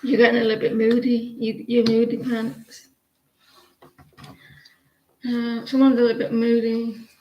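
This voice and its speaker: A woman's voice: a little high, monotone, unhurried, pauses often, dull audio, slight background noise. Blunt, chatty woman reading cards. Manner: blunt, rambling, chatty with viewers. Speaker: tarot card reader. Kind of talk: casual live-stream card reading. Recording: roomy echo.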